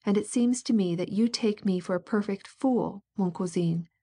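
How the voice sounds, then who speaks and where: A proud princess, bitter and cutting, her words edged with wounded resentment, as a woman reads her in an audiobook. The tone is mellow and dark rather than shrill. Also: moderate pace, slightly rough. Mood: bitter, indignant.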